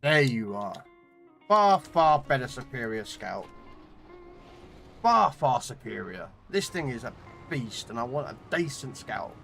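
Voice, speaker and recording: A man commentates his gameplay live to his viewers, chatting casually and cursing at the game whenever it gives him trouble. His pitch swings up and down a lot as he talks, and faint game music plays underneath. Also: very animated, unhurried, creaky, a bit bright. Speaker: gaming streamer. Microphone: desk condenser mic.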